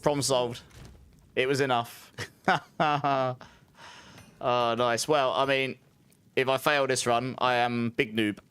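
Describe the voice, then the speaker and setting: A man's voice: medium pitch, steady tone, slow pace, long pauses, fairly bright tone, clean tone. A man giving casual, chatty gameplay commentary as a streamer, laughing often and humming little filler tunes. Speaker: game streamer.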